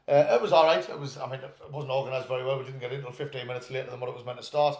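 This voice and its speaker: A man's voice: mid-range voice, racing, creaky, a little mellow, reverberant. A man, co-hosting a casual football chat and telling chatty anecdotes. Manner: chatty storyteller, laughs while telling anecdotes. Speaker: football podcast co-host.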